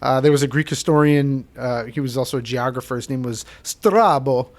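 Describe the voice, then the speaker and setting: A man hosting a casual podcast, chatty and quick to laugh, with lots of fillers. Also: mid-range voice. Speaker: podcast host.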